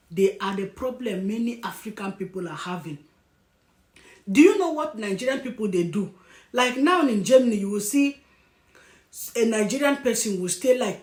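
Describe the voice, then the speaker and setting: Emphatic woman vlogger in echoey room. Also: fairly high pitch. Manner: emphatic, scolding, apologetic asides. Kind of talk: opinionated commentary. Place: lives in Germany.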